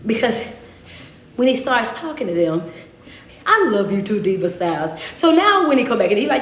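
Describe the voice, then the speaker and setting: A high-voiced woman gives a preachy motivational talk with lots of feeling, breaking into laughs along the way. Her voice rings out in a roomy, echoing space. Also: normal speed, long pauses. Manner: animated and emotional, laughing often. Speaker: motivational speaker.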